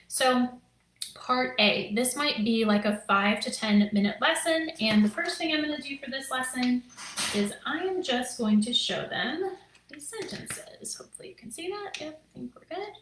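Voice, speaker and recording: A woman's voice: fairly high pitch, a bit bright, echoey room, low-quality recording. A woman in her thirties, a teacher, explaining lessons to the camera in a chatty, upbeat way. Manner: chatty and upbeat, lots of fillers and "right?". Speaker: teacher and curriculum creator. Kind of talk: casual teaching video, talking to camera.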